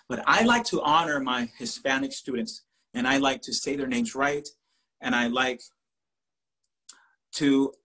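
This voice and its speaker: Telling lively personal stories in Spanish, a Puerto Rican teacher with a Puerto Rican accent now and then slips into character voices. His voice sits in the mid range.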